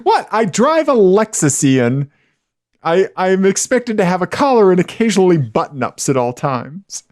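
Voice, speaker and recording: A man co-hosting a podcast in casual chat, excitable, his voice jumping up high when surprised. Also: moderate pace. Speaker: podcast co-host.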